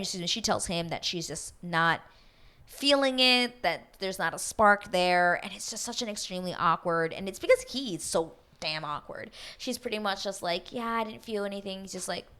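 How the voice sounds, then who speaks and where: Gossipy woman recapping reality TV. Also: fairly low pitch. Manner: gossipy and animated, swears freely, acts out cast members' lines. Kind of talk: casual chat.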